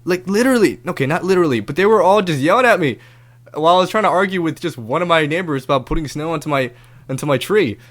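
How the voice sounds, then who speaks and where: A man on his own podcast telling a story in a loose, chatty monologue, with a voice set a little high for a man. He swears freely and jumps into raised, animated voices when he quotes other people. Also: quick pace. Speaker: podcast host.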